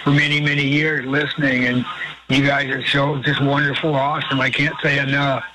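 A man's voice: medium pitch, little pitch movement, fairly quick, music in the background, low-quality recording. A man in his eighties calling in to a radio show, chatting in a rambling, effusive way. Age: 80s. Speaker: caller. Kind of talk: phone-in chat.

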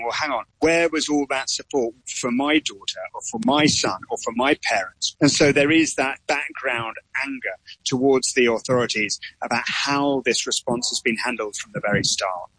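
A man reporting live from a disaster site outdoors, speaking quietly and earnestly. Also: medium pitch, slightly rough, no echo, low-quality recording. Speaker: foreign correspondent.

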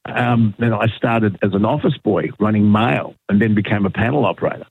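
A man's voice: lowish voice, a little fast, gravelly, breathy edge, no room sound. Australian man chatting over a phone line. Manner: chatty storyteller, many fillers and restarts. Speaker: guest, radio broadcaster and podcaster. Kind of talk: casual radio chat. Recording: dry tinny phone line.

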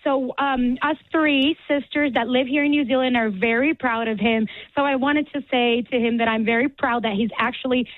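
Woman caller, high voice, earnest and chatty, tinny phone line, dry sound. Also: steady tone, moderate pace, hardly any pauses, no echo. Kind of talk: call-in message on radio.

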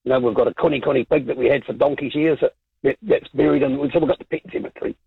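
A man's voice: mid-range voice, steady tone, very fast, gravelly, husky, no echo. A man calling a talkback radio show by phone, rambling and repeating his words. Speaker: caller. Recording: dull lo-fi phone line.

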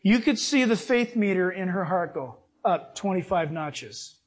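A man preaching a sermon, reading scripture and telling personal stories in a lively, animated way. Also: high voice, a little slow. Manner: animated, acts out voices in his stories.

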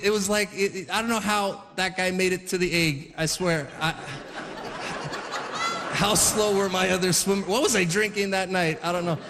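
A man in his forties tells rambling stand-up stories full of fillers and little acted-out voices. His voice sits high for a man, and the stage sound carries a long hall reverb. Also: steady tone, unhurried, pushed and bright, slight background noise. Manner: rambling storytelling with fillers, acts out characters. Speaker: stand-up comedian. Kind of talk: stand-up comedy routine.

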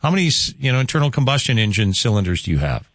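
A man's voice: medium pitch, sing-song, very fast, fairly bright tone, dry recording. A man hosting a morning radio show, reading the forecast and teasing a caller in an easygoing way. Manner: easygoing, teasing, some filler uhs. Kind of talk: radio host chat and forecast. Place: radio studio. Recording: dry close studio mic.

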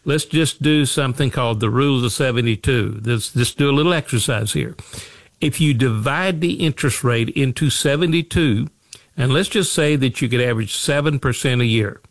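Folksy guy hosting a money talk show, asks questions then answers them, dry voice, middle pitch. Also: normal speed, no room sound. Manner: folksy, repeats phrases, asks rhetorical questions. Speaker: financial talk show host. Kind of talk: radio talk show monologue.

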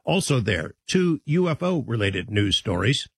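Male late-night radio host, husky voice, folksy and easygoing delivery, dry studio sound. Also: mid-range voice, big pitch swings, a little slow, no room sound. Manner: easygoing, folksy, chatty asides. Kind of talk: late-night radio talk show intro.

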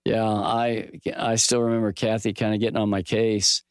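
A middle-aged man teaching from the Bible in a relaxed, folksy way, mixing scripture with a personal sports story and lively quoted dialogue. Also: on the low side, normal speed, no room sound, clean studio sound. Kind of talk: conversational Bible teaching with stories.

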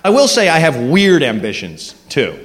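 Brief: lively male stand-up, slightly high voice, echoey club with noise behind. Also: normal speed. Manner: animated, rambling, self-mocking. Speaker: stand-up comedian. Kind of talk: stand-up routine. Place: comedy club stage.

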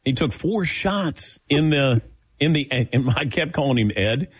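With a fairly high, husky voice and an unhurried delivery, this older sports talk host spins casual stories on air. He gets animated, performing the quoted lines himself.

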